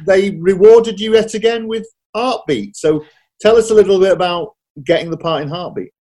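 A man's voice: sits high, normal speed, mellow. A man interviewing a guest, chatty and enthusiastic, often ending on tag questions. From Yorkshire.

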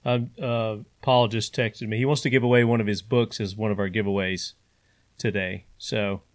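A man hosting a casual podcast discussion, chiming in with relaxed, easygoing remarks. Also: lowish voice, moderate pace. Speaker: podcast host.

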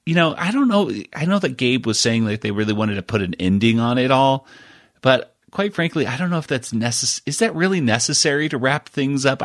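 A male podcast host talks casually and rambles, often breaking off with a laugh. His voice sits at a middle pitch. The recording is dry and close. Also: a bit bright, no echo.

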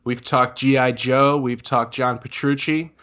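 A man's voice: medium pitch, steady tone, unhurried, fairly bright tone. A man hosting a podcast in casual chat, easygoing and friendly, with teasing banter. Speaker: podcast host.

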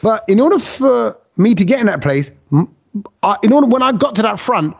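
A man's voice: high voice, big pitch swings, fairly quick, creaky, breathy edge. A man hosting a casual chat, animatedly explaining things through acted-out analogies. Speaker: podcast host. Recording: dull lo-fi sound.

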